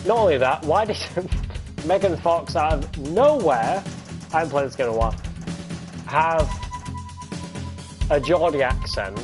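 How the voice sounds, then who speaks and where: A woman's voice: low voice, animated, normal speed, over music. A woman streaming a video game, commenting bluntly and swearing freely. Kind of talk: casual gameplay commentary.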